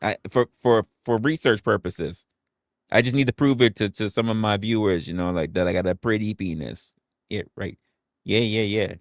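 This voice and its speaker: A young man hosting a livestream, telling a story in a candid, profane, animated way. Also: on the low side, normal speed, no echo, clean studio sound. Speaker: livestream host.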